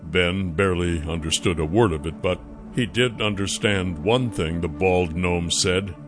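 A man narrating a fantasy audiobook in a measured, deliberate way. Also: sits low. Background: faint music.

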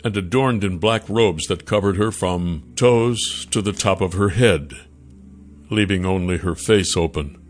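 A man narrating a fantasy story in a calm, measured way. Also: low voice, faint music behind.

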